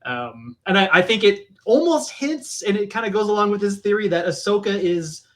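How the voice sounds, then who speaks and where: A man's voice: high-pitched, lively intonation, a little fast, fairly bright tone. A man appearing as a podcast guest in casual chat, speaking hesitantly with frequent restarts.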